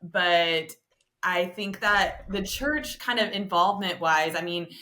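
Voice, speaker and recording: A woman's voice: lowish voice, slow, sharp tone. A woman guest who works at a nonprofit, speaking casually and affirming the host before offering practical suggestions. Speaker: podcast guest, nonprofit worker. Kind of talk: casual conversation.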